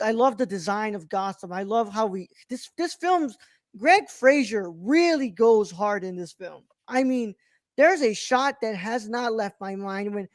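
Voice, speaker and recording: A woman's voice: medium pitch, dry recording, studio quality. A woman co-hosting a podcast, reviewing a film in casual chat, rambling with many restarts and plenty of enthusiasm. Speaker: podcast co-host.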